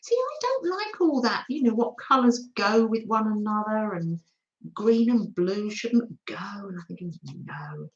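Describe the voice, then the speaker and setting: Chatty woman with a lively voice. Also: mid-range voice, a little slow, roomy sound, highs cut off. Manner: chatty, affectionate, reads chat names aloud. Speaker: craft livestream host. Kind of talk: casual livestream chat. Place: home dining room table.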